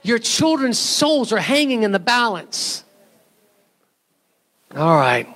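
A man's voice: very high voice, sing-song, slow pace, fairly bright tone. A male pastor preaching a sermon in a church, talking to the congregation in a conversational way, with rhetorical questions and asides.

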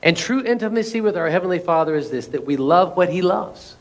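A man pastor preaches an animated sermon, laughing through asides and swinging between loud exclamations and soft, intimate lines. His voice sits high and he moves fairly quickly, with hardly any pauses.

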